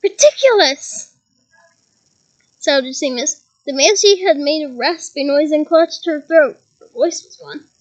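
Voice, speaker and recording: High-voiced woman reading a story aloud. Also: unhurried, poor audio. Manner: lively reading with chuckles and side comments. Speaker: reader.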